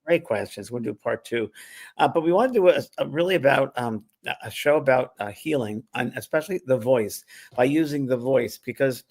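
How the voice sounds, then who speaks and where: Brisk and expressive, this host's mid-range voice carries a darkish tone as he chats casually on his spiritual talk show. He is a medium who rambles a bit, restarts often, and laughs while speaking.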